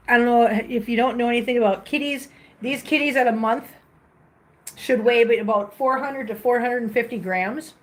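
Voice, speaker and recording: A woman chatting casually on a live stream from her home full of cats, rambling a little, with restarts. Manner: switches to a high cooing baby voice for the cats. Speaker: cat rescuer hosting a live stream.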